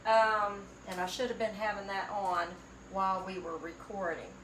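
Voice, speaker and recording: Stove sizzle and frying fill an echoey, borrowed home kitchen as a Southern US-accented cooking channel host chats homily, stirring and cooking during a casual demonstration indoors. Her mid-range voice is a bit bright, with fairly even intonation and normal speed. Slight background noise accompanies the distant-mic recording.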